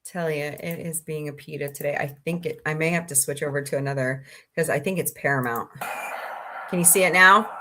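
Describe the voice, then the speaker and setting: A woman's voice: sits low, brisk, pushed and bright, slight background noise. A woman hosting a casual livestream, chatting in a rambling way, sniffly, and greeting viewers by name. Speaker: livestream host.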